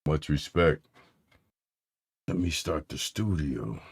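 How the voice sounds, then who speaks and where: A man's voice: very deep voice, lively intonation, slow pace, vocal fry, slightly rough. A man hosting a casual tech live stream, loose and slangy, greeting his chat by name. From Philadelphia area.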